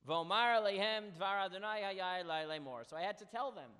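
A man's voice: sits high, a little fast, pushed and bright, big-room sound. A man teaching a text study lesson, reading verses and explaining them with earnest emphasis. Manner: reads Hebrew verses and translates them aloud. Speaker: Torah teacher.

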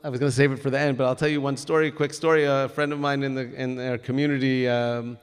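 A man's voice: medium pitch, level tone, quick pace, clean tone. A man giving a religious lesson, speaking earnestly and emphatically with frequent restarts. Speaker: religious teacher. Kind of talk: Torah lesson with stories. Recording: long hall reverb.

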